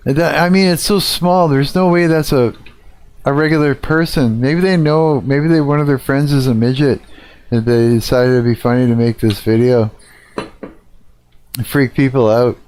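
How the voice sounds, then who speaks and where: A man's voice: mid-range voice, fairly even intonation, normal speed, a little mellow, clear, resonant tone. A man live-streaming, reacting casually to a video, laughing often and swearing as he thinks aloud.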